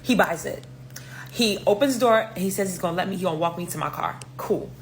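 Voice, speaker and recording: Animated New woman telling a story. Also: fairly low pitch, fast talker, slight background noise. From New York. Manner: animated, profane, talks straight to viewers. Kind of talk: casual storytime.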